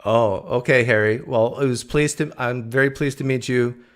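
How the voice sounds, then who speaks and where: A man hosting a casual live question-and-answer stream, teasing and animated with his callers. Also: mid-range voice, moderate pace. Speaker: livestream host.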